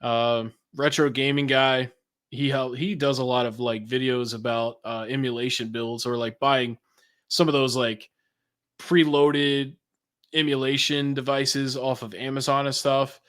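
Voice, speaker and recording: A man's voice: mid-range voice, level tone, unhurried, a bit bright. A man who is a podcast guest, talking in a laid-back, chatty way with casual swearing. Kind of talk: casual interview chat.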